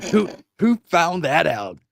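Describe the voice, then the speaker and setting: A man co-hosting a comedy show, bantering in character with a crude, deadpan, rambling manner. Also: on the high side, slow pace, gravelly, no echo, clean studio sound.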